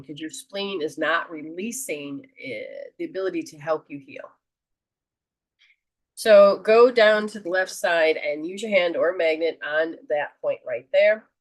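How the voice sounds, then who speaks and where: A woman hosting a call-in show, giving a spiritual reading to a caller in a slow, earnest counseling tone. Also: lowish voice. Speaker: host and metaphysician.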